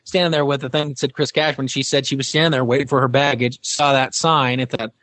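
A man's voice: mid-range voice, flat delivery, fast talker, fairly bright tone, dry recording. A middle-aged man, a former game show host, telling stories as an interview guest with many fillers and restarts. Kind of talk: casual interview anecdote.

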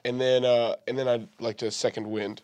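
A man playing a tabletop game, hesitant and halting, with many fillers. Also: medium pitch, little pitch movement, background noise. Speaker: player.

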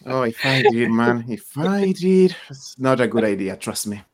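A man's voice: mid-range voice, very animated, moderate pace, a crowd in the background. A man on a podcast panel speaking in a fiery, profane way, swearing freely. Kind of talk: casual panel chat.

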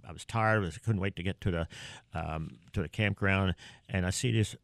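An older man talks earnestly, halting often and restarting his sentences. His voice sits very low with a gravelly edge. The recording is dry and close, with no room sound. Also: a bit bright, dry recording. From Pennsylvania. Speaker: interview guest. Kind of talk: conversational storytelling.

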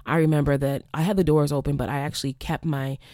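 A woman's voice: low-pitched, fast, no echo, studio quality. Candid, profane young woman telling a story. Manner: profane, animated, acts out quoted exchanges. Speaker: podcast host, former college teacher.

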